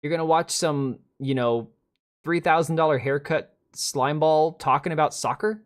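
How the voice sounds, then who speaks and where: A man's voice: on the high side, moderate pace. A man in his thirties hosting a casual livestream, rambling bluntly and reacting to chat with restarts and asides. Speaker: livestream host.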